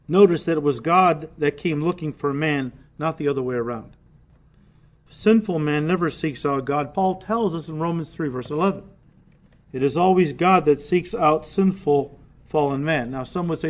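A man preaching a sermon with earnest conviction, dropping to soft, low asides between emphatic points. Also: moderate pace. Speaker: pastor.

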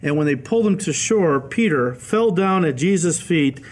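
A male pastor giving a radio Bible teaching sermon, telling the stories in a lively way and acting out the quoted voices. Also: fairly high pitch, normal speed. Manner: animated storytelling, acts out quoted voices.

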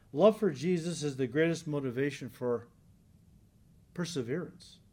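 In a fairly high, slightly mellow voice, a male pastor delivers an earnest, emphatic sermon to his congregation at church. He stresses important lines by repeating them and regularly checks in with "right?"

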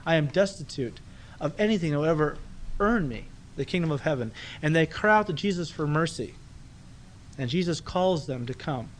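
A man preaches a sermon in a loose, conversational way, often turning to rhetorical questions. His voice sits fairly high for a man, and a faint background noise stays under it. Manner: conversational, asks rhetorical questions, acts out the people in the story. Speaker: pastor.

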